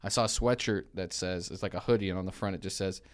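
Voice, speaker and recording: Laid-back forty-something man, low voice. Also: steady tone, fast. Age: 40s. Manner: easygoing, laughs often, playful teasing. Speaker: radio show co-host. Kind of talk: casual studio chat. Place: radio studio.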